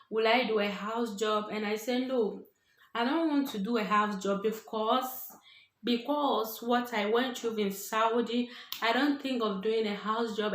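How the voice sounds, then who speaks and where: A Ghanaian woman vlogger telling a personal story casually, acting out what others said. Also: mid-range voice. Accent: Ghanaian English. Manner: animated, acts out other people's voices. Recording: echoey room.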